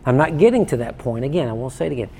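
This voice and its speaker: A man preaching a sermon in a conversational way, often restarting and stammering, warming up as he goes. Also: mid-range voice, expressive, racing, creaky, slight background noise. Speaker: pastor.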